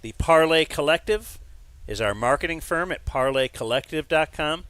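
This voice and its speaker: A man co-hosting a sports talk show, running through sponsor plugs with upbeat pitchman energy. His voice is bright and forceful, and it sounds dry and close to the mic. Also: lively intonation, moderate pace, clear, resonant tone, no room sound. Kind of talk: casual banter and live sponsor reads.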